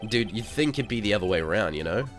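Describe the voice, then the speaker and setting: Streamer playing a self-absorbed surfer-dude celebrity, low and drawling, faint game music behind. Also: male voice, expressive, quick pace, lightly acted. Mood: dismissive. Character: laid-back vain male TV star, surfer dude.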